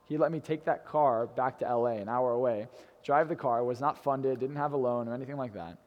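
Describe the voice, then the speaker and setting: A man's voice: medium pitch, fairly quick, long reverb tail, lo-fi sound. A young man in his twenties telling a brash, swearing personal story to an audience in a hotel event room. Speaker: motivational speaker.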